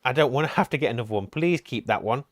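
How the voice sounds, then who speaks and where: A man's voice: mid-range voice, expressive, quick pace, no echo, studio quality. A man chatting casually while playing a co-op game on stream, thinking aloud and joking with his partner. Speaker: gaming streamer. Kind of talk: casual co-op gameplay chat.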